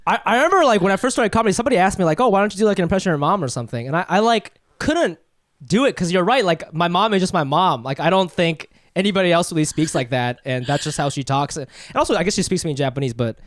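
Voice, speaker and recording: A man co-hosting a podcast in casual chat, animated and laughing often, stammering as he restarts sentences. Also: high voice, rapid-fire, no echo, clean studio sound. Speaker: podcast co-host.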